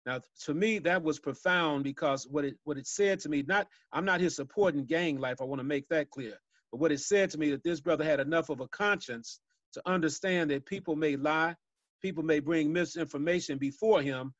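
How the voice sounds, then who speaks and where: A man's voice: fairly high pitch, fairly quick, no room sound. A man from Chicago telling street stories as a guest speaker on a webinar, folksy and chuckling as he goes. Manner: folksy storyteller, laughs at his own tales. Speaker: violence prevention guest speaker. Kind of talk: storytelling on a webinar. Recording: dull dry video call audio.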